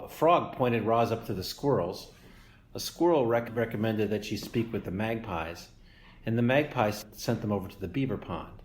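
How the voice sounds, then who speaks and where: A man reading a children's book aloud as a guest reader, in a steady, measured narration. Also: fairly low pitch. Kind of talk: storybook read-aloud. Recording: echoey room.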